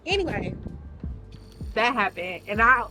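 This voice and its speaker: A woman vlogger telling a story in a casual, animated way, full of slang and swearing. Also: fairly high pitch, unhurried, music in the background, low-quality recording.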